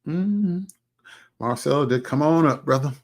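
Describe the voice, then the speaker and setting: His voice sits a little high as he runs a casual livestream chat. He's animated and exclamatory, humming drawn-out between remarks and tossing in folksy asides.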